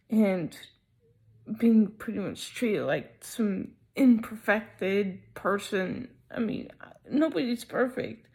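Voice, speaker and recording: Slow, hesitant young woman vlogging. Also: a little high, darkish tone. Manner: slow, hesitant, many ums. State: sleepy, not fully awake. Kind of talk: casual personal vlog talk.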